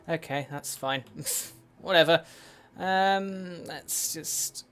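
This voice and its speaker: A man's voice: fairly high pitch, takes it slowly, hardly any pauses, a bit bright. A man giving casual game commentary as a let's play host, muttering to himself with wry, sweary asides. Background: faint in-game music.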